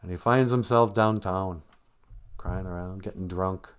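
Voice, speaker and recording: A man's voice: low voice, unhurried, smooth. A man hosting a live stream, telling a wandering comedic monologue and laughing at his own jokes.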